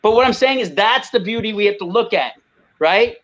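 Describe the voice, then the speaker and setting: A man's voice: high voice, lively intonation, brisk, fairly bright tone, lo-fi sound. A man speaking as a guest on a video call, heated and emphatic, often saying "you know" and "I mean". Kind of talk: impassioned video call talk.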